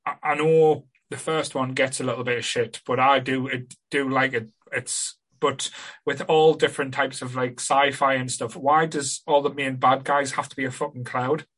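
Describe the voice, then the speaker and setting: A man's voice: mid-range voice, steady tone, normal speed, fairly bright tone. A man hosting a casual podcast chat, talking hesitantly with many restarts and filler words. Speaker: podcast host.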